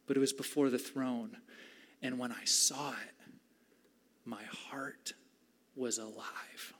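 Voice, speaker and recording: A man voicing an awestruck man who recounts a vision, hesitant and groping for words, speaking softly. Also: medium pitch, moderate pace, close to an everyday voice. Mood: awed. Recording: long hall reverb.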